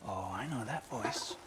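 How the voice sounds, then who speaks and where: An actor playing a proud, wary male god leading rebels, with a mocking, sardonic manner. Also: medium pitch.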